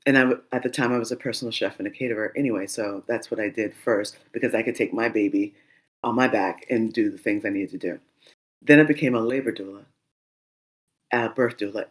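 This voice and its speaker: Low-voiced woman telling a lively story. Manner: lively storyteller who acts out the dialogue and laughs. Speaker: doula and guest. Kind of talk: casual storytelling interview.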